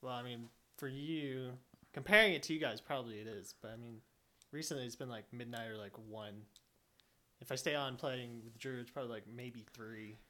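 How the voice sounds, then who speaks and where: A young man talking in a low-key way in a casual chat with friends, trailing off. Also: a little fast, bright, forceful tone.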